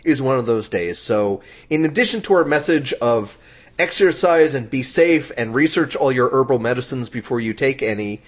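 A man's voice: medium pitch, expressive, normal speed. A man co-hosting a podcast, explaining a news item in chatty, rambling casual talk. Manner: chatty, explains at length with fillers. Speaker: podcast co-host. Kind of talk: casual chat. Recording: dull lo-fi podcast audio.

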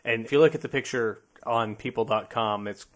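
A man's voice: mid-range voice, a little fast, fairly bright tone. Joking male podcast co-host. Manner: jokey, laughs often, trails off and restarts. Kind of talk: casual chat.

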